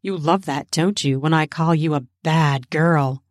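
A dominant woman lover murmurs in a low, stern, cooing voice, voiced by the story's woman narrator. She takes her time over every word. The sound is close and dry. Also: measured pace, no room sound. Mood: stern teasing.

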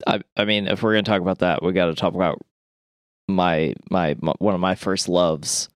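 Deep-voiced man, profane podcast chat. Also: fairly even intonation, moderate pace, no echo, studio quality. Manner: profane, emphatic. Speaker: podcast host. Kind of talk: casual chat.

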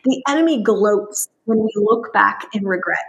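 A woman guest on a Christian podcast, talking in an emphatic, expressive way and laughing often as she speaks. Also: mid-range voice, moderate pace, gravelly, dull audio. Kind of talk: impassioned faith-based podcast talk.

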